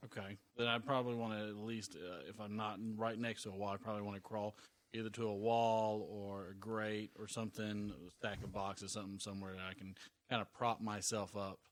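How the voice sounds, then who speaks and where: A man playing a tabletop game, thinking aloud in a measured, hesitant way. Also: on the low side, level tone. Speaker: player.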